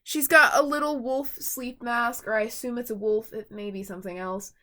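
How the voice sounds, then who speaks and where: A woman's voice: on the high side, steady tone, normal speed, pushed and bright. A woman reviewing a doll from her collection in a rambling, chatty vlog with lots of fillers and asides. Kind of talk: casual vlog chat.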